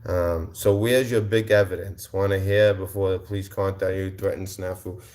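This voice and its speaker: A man's voice: low-pitched, level tone, moderate pace, a little mellow. A male livestream host answering his chat in a combative, mocking rant, repeating his insults.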